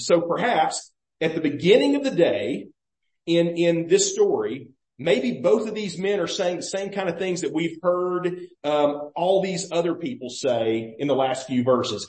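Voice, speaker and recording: A male pastor preaching in a roomy church, his voice echoing around the hall. He talks in an easy, conversational way, with a lively pitch that keeps rising and falling as he puts questions to the listeners. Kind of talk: sermon. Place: church sanctuary.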